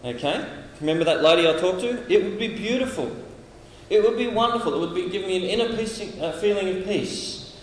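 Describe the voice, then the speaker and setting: A high-voiced Australian man preaches in a large, echoing hall, his voice carrying a long reverb. He is animated and dramatic, switching into little acted voices for the figures in his passages. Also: a little fast. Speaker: camp speaker. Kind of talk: sermon. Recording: echoey hall, heard from a distance.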